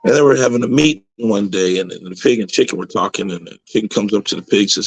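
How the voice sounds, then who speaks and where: Gravelly, husky-voiced football coach. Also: male voice, on the low side, fast talker, hardly any pauses, rough recording. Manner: emphatic, repeats words, motivational. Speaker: high school football coach. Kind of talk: radio interview storytelling.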